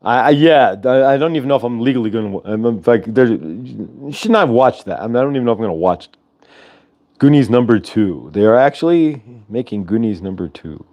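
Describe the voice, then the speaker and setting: A man hosts a casual livestream over a video call, talking a little fast in a rambling, chatty way with lively shifts in pitch. The recording sounds muffled.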